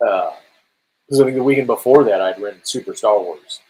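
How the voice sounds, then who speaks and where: A man's voice: lowish voice, a little fast, breathy edge, poor audio. A man co-hosting a casual podcast about video games, telling stories and acting out quoted lines. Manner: animated storytelling, acts out quotes. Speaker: podcast co-host.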